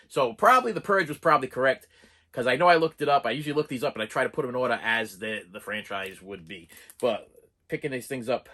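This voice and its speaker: A man's voice: fairly high pitch, fairly bright tone. A man reviewing his movie collection in a casual, rambling way, often restarting sentences and drifting into side stories. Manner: rambling, with frequent restarts and asides. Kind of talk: casual rambling vlog talk.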